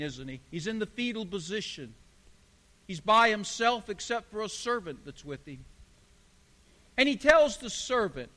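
A male pastor preaches emphatically, piling up repeated phrases in a high, ringing voice that sounds pushed and bright. A long reverb from a large hall trails after his words.

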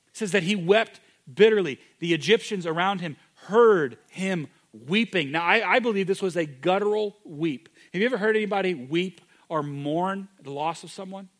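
Man preaching with dynamic swings. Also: fairly high pitch. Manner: dynamic preaching, swings from loud emphatic to hushed. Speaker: pastor. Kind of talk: sermon.

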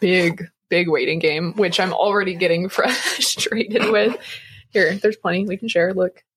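A woman's voice: on the low side, unhurried, a bit bright, husky. A young woman co-hosting a casual faith podcast, rambling with many fillers and frequent laughs. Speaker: podcast co-host.

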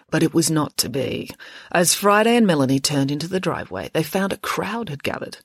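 Une conteuse expressive à la voix animée. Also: female voice, low voice, a little fast, husky, no room sound, clean studio sound. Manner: expressive, animated reading. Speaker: storyteller. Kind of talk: children's story narration.

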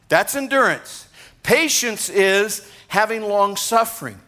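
A pastor in his sixties preaches a sermon at a church gathering, speaking conversationally to the congregation and tossing in asides to the room. His voice sits high and bright with a forceful tone, moving a little slowly.

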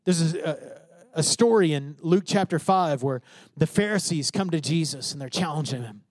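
A pastor preaching a sermon, emphatic, swinging from loud declarations to hushed asides. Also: male voice, a little high, moderate pace, no echo.

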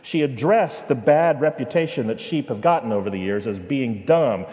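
A man preaching a sermon with humor, dramatic pauses and rising questions. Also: medium pitch, animated, mellow. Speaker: pastor. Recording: long reverb of a large hall.

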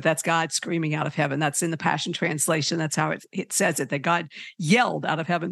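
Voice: mid-range voice, a little fast, gravelly, no room sound. Earnest podcast preacher, dry sound. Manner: earnest, animated, many fillers and restarts. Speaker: faith podcast host. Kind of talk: informal preaching.

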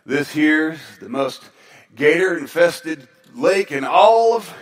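A man voicing a laconic bearded backwoods man who answers in as few words as possible, in a slow drawl. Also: a little high, animated, soft background music.

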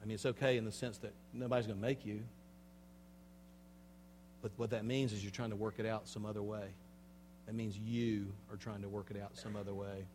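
A male pastor delivering a sermon, swinging between hushed, slow passages and loud, emphatic preaching, and speaking straight to the congregation with rhetorical questions. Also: fairly low pitch, level tone, slight background noise. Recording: long hall reverb.

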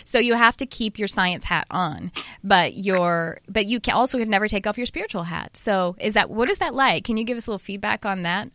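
A woman hosting an interview, telling stories in a rambling, animated way with many restarts. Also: medium pitch, fairly quick, dry recording. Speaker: podcast host. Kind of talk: casual interview chat.

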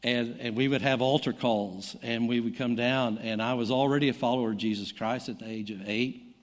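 A middle-aged man with a Southern American accent preaches a sermon at medium pitch and normal speed, reading scripture aloud with animation. His voice lifts whenever he reaches the quoted lines, and the recording has a long hall reverb.

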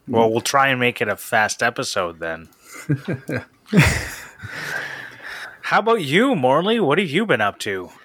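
A man's voice: medium pitch, unhurried, pauses often, dry recording. A man hosting a casual podcast chat, joking and upbeat with his co-hosts. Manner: lively, joking. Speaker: podcast host.

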